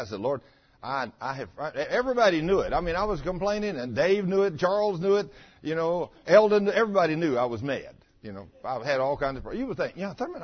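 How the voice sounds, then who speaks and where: Folksy older preacher, lo-fi sound. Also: male voice, mid-range voice. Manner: folksy, animated storytelling with laughs. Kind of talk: sermon with personal story. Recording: dull lo-fi sound.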